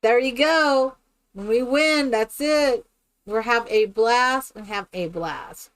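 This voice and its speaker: A woman's voice: fairly high pitch, takes it slowly. A woman streaming a game live, chatting casually with viewers in a rambling, exclamatory way. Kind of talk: casual live-stream chat while playing.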